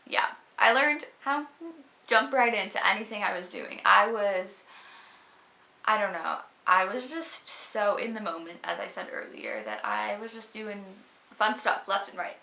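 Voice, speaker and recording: A woman's voice: mid-range voice, lively intonation, unhurried, gravelly, pushed and bright. A young woman talking casually to her camera in a chatty vlog style, filling her speech with "like". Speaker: vlogger. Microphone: camera mic. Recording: echoey room.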